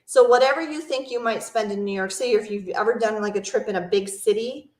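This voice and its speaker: Female travel host, fairly high voice, casual rambling live-stream chat with viewers, echoey room. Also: fast, a little mellow. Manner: chatty, rambling, reads viewer comments aloud and asks questions. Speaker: travel vlogger hosting a live Q&A.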